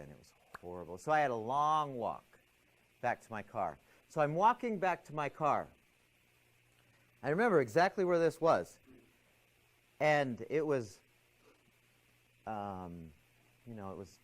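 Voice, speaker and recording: His voice is mid-range. He's a middle-aged instructor of a stress management course, sharing a personal anecdote in an animated way and frequently starting over mid-thought.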